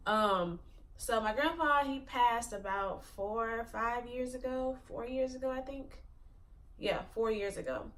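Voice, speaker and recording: A woman's voice: mid-range voice, a bit bright, distant mic. A woman in her twenties telling a personal story to her channel in a rambling way, full of "like" fillers. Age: 20s. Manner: rambling, filler-heavy retelling with many "like"s. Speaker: vlogger. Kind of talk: casual storytelling.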